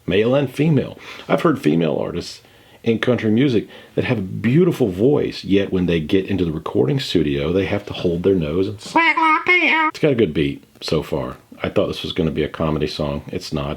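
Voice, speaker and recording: A man in his forties with a deep, slightly husky voice hosts a music reaction video. He talks in a relaxed, wry way, dropping sarcastic and playfully theatrical asides. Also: a little fast. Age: 40s. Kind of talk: casual reaction commentary.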